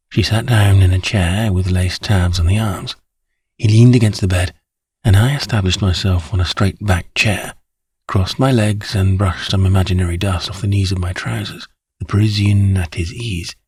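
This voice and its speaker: Brief: male audiobook narrator, husky and lowish, dry close sound. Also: moderate pace, a little mellow, no echo. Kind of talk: scripted narration.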